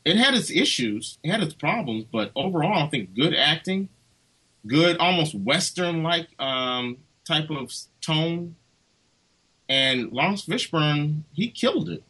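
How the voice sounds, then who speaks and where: A man's voice: fairly high pitch, expressive, measured pace, pushed and bright, husky, poor audio. A man co-hosting a casual podcast chat, talkative and retelling things at length. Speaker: co-host.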